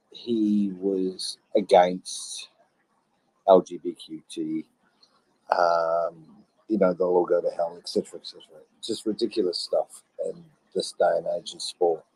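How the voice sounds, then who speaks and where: A man's voice: deep voice, fairly even intonation, slow pace, warm tone, no echo, rough recording. An Australian man speaking in a live audio chat room, getting heated and exasperated and laughing it off with apologies. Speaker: Twitter Space speaker. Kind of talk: casual live audio discussion.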